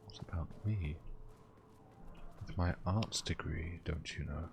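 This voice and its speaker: Man, very low voice, casual game streamer, playful chat with viewers. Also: slow pace, creaky, noisy background. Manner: playful, reads in-game documents in a mock voice. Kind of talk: casual gameplay commentary, reading game text aloud.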